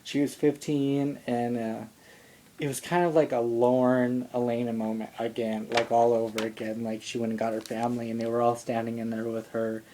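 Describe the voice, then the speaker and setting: A young man, a vlogger, casually recaps a TV singing show into a shaky handheld camera, rambling with lots of ums and likes. His warm, mid-range voice moves little in pitch and keeps a moderate pace. The recording carries a little hiss or hum.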